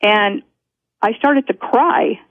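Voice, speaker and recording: A woman recounts a personal story down a thin, tinny telephone line. Her speech is dry and close, full of restarts and small laughs. Her pitch sits in an ordinary middle range. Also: takes it slowly, no echo. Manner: rambling, self-interrupting, laughs often. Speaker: guest.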